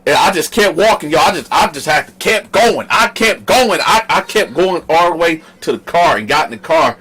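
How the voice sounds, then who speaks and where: A man from the northern United States, the host, telling a story in a casual, animated, slangy way straight to his viewers. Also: fairly high pitch, moderate pace, husky, poor audio.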